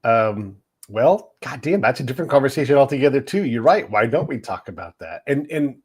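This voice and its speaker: A man's voice: medium pitch, very animated, brisk, slightly rough. A man hosting a podcast, talking bluntly and casually with frequent swearing. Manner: blunt, profane, laughs easily. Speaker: host.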